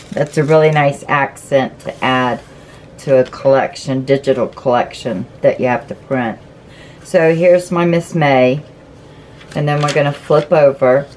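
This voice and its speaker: Slow, low-voiced woman showing a craft journal. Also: darkish tone, a little hiss or hum, poor audio. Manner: chatty, gushing, explaining step by step. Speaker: craft channel host. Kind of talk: casual craft flip-through.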